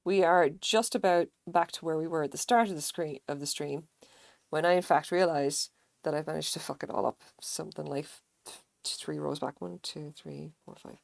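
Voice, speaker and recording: A woman livestreams her crochet work, chatting casually, swearing now and then, and muttering pattern notes to herself. Her voice sits low and creaky at a moderate pace, with no echo.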